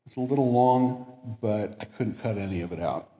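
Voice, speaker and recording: A man's voice: fairly low pitch, normal speed, dark tone. A man giving a sermon in a church and reading a story aloud, lifting his voice for the quoted lines. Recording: echoey hall with long reverb.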